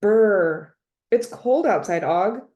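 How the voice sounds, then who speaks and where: A woman's voice: mid-range voice, big pitch swings, slow pace, reverberant, highs cut off. A woman reading a storybook aloud and voicing a shy schoolgirl who is shivering from the cold. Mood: shivery.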